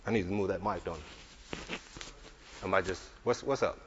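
A male preacher delivering a sermon. He swings between emphatic, shouted declarations and relaxed, chatty storytelling. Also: deep voice, unhurried, slight background noise. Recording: reverberant hall, dull lo-fi sound.

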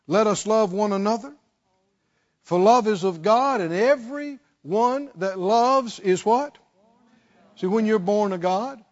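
A pastor preaching a sermon, leading the congregation in call-and-response and swinging between shouted and hushed lines. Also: male voice, high voice, dull audio.

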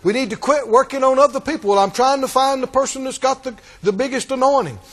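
A man's voice: extremely high pitch, fast talker, long reverb tail. A man preaching a rousing, emphatic sermon and calling out to his congregation.

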